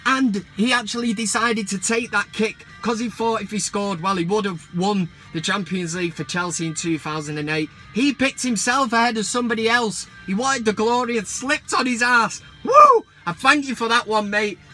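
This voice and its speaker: A man's voice: sits high, normal speed, few pauses, sharp tone, faint music behind. A man hosting a football vlog, ranting heatedly and mockingly with plenty of swearing.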